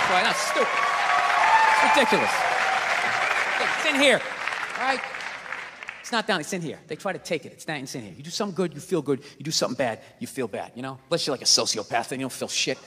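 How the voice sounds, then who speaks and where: A man with a high-pitched voice doing stand-up, ranting loudly and exasperated, with shouted punchlines. It is recorded live on a theater stage, with a long hall reverb. Crowd laughter and noise can be heard behind him. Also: sing-song, brisk, pauses often. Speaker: stand-up comedian. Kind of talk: stand-up comedy routine.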